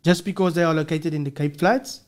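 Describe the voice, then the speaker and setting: A man's voice: fairly high pitch, steady tone, a little fast. A man, a linguistics professor talking as a podcast guest, explaining earnestly and restarting his words often. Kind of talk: casual interview talk.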